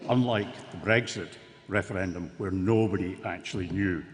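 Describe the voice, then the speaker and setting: A man speaks earnestly and at a measured pace from a conference podium, his voice on the low side. The long reverb of the big hall hangs behind him, with a faint hum of the room. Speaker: conference delegate moving a motion. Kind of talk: prepared political speech.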